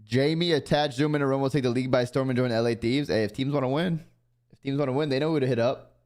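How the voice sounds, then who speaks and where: A man's voice: mid-range voice, fast, darkish tone. A young man chatting casually on his stream in a laid-back way, trailing off into fillers.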